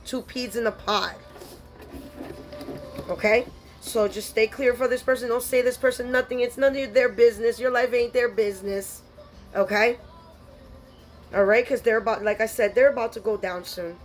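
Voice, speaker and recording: A woman's voice: on the high side, moderate pace, long pauses, faint music behind. A woman giving a spiritual tarot reading, blunt and scolding, full of streetwise slang. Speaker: tarot reader.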